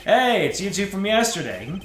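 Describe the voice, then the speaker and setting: An impatient police guard, as a man puts him on, curt and dismissive. His pitch rises and falls sharply. Faint game music in an echoey room. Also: big pitch swings, normal speed.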